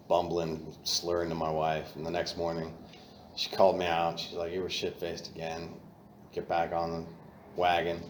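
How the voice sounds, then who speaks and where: Low-voiced man telling his recovery story. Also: echoey room, slight background noise. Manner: candid and profane, flares loud when reenacting. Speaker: AA meeting speaker. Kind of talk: personal recovery talk. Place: meeting room.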